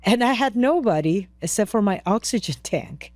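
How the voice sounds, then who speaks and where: A woman's voice: medium pitch, expressive, moderate pace, darkish tone, no room sound. A woman from Peru, a podcast interview guest, telling a story earnestly and emotionally, with many restarts.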